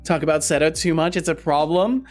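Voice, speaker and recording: A man talking casually to his livestream audience, rambling with many restarts. He breaks into loud, excited outbursts, and faint background music runs under his voice. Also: a little high, brisk. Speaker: streamer and game developer.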